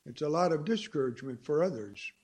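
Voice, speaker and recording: A man's voice: fairly high pitch, lively intonation, a little fast, a little mellow, husky. A man preaching a sermon to a congregation, emphatic and full of rhetorical questions.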